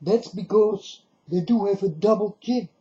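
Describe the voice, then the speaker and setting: Man, high-pitched and very dark-toned, slow preachy rant, dull lo-fi sound. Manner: emphatic, repetitive rhetorical questions to the viewer. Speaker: religious video preacher. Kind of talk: preachy monologue to camera. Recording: dull lo-fi recording.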